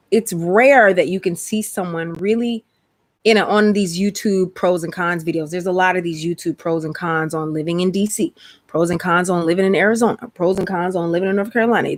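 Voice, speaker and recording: A woman hosting a casual chat stream, rambling and talking straight to her viewers. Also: fairly low pitch. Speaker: host.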